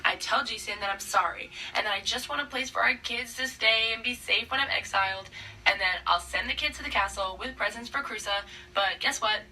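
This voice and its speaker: A gleeful, scheming sorceress queen voiced by a woman who plots revenge in sarcastic modern slang. Her voice is bright and sharp, a touch high for a woman. It is caught from a distance with a faint hiss behind it. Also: brisk.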